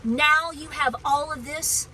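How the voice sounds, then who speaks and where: A woman's voice: high-pitched, slow pace, pushed and bright, a little hiss or hum, low-quality recording. A woman homesteading vlogger speaking outdoors on her farm in an impassioned, preachy, emphatic way. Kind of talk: outdoor political vlog rant.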